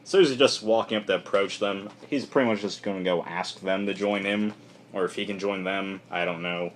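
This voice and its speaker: A man's voice: low-pitched, fairly even intonation, moderate pace, a little hiss or hum. A young man giving a casual, rambling spoken review with frequent fillers and restarts. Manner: rambling, loose and offhand, lots of "like" and restarts. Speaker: comic book reviewer.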